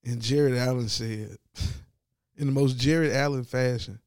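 A man giving a casual, profane sports commentary rant, animated and mocking as he talks. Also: medium pitch, unhurried, clear, resonant tone, no room sound, studio quality.

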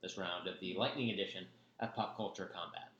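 A man's voice: low-pitched, fairly quick, fairly bright tone, dull audio. A man co-hosting a casual podcast, with a dry, wry delivery. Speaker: podcast co-host. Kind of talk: casual chat. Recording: roomy podcast recording with music.

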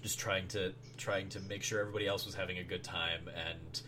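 A man hosting a casual podcast, talking in a halting way with many restarts. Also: low voice, level tone, background noise. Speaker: host.

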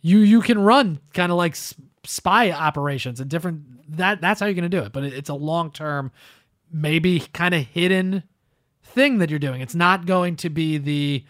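A man co-hosting a podcast, talking politics in casual, animated bursts and often slipping into quoted asides. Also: a little high, moderate pace, dry recording, clean studio sound. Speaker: podcast co-host.

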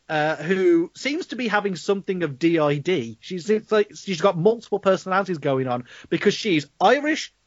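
A fairly high-voiced man with a Black Country accent rants about a film he disliked, swearing freely and laughing as he goes. The audio is dry and a little dull. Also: a bit bright, no echo. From Black Country, England. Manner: sweary, ranting, laughing often. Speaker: podcast co-host. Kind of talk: casual film review chat.

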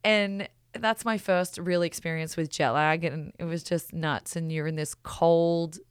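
An Australian woman telling a personal story in a chatty, animated way, full of "like" and "you know". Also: lowish voice, unhurried, smooth, dry recording, studio quality. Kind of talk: casual storytelling monologue.

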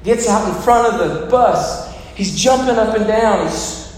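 High-voiced male preacher in an echoey hall. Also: measured pace. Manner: dramatic storytelling, acting out voices. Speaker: pastor. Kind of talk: sermon. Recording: echoey hall, faint noise.

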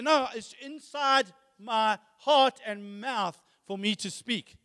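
A man's voice: extremely high pitch, steady tone, unhurried, bright, forceful tone. A man preaching a sermon, emphatic, repeating phrases and asking rhetorical questions. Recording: long hall reverb.

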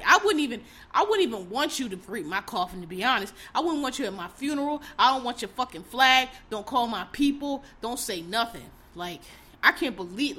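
A woman's voice: fairly high pitch, sharp tone. Fiery, profane woman podcaster. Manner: heated, profane, blunt. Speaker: podcast host. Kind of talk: casual podcast rant.

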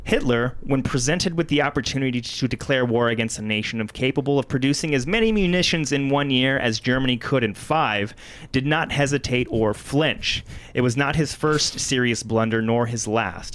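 A man's voice: medium pitch, moderate pace, a bit bright. A man with an Ohio accent co-hosting a podcast, reading history notes aloud. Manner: reads history aloud, breaks into laughs. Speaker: podcast co-host.

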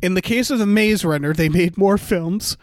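A man with a fairly high voice rambles through a casual movie review, profane and animated in his complaints. The recording is close and dry, with no room sound. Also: normal speed, no room sound. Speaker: podcast co-host.

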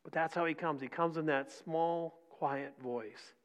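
A middle-aged man preaching a sermon in a conversational way, often asking "right?" and dropping his voice to a soft hush for emphasis. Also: fairly high pitch, measured pace, smooth. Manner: conversational preaching with frequent "right?" and repeated words; drops to soft near-whispers for emphasis. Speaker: pastor. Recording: dull lo-fi recording.

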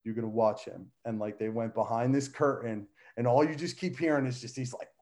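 A man telling a childhood story in casual chat, animated, with lots of fillers and frequent laughter. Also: medium pitch, fairly quick, noisy background. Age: adult. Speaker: guest, son of a wrestler.

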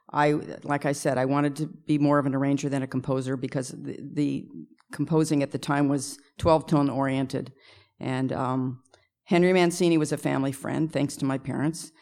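A middle-aged woman, a composer and arranger, tells meandering stories during a Q&A at a luncheon in an event room. Her voice is low and slightly mellow, and she keeps correcting herself and tossing in laughing asides.

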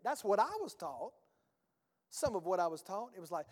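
A man's voice: high-pitched, animated, a little fast, a little mellow, big-room sound. A male pastor preaching a sermon in a conversational, emphatic way, with rhetorical questions and folksy phrasing.

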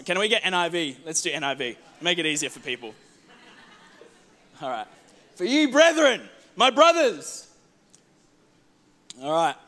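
Bright, high-voiced man preaching. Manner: passionate, repeats words, swings between loud preaching and soft asides. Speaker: pastor. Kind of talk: sermon. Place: church hall.

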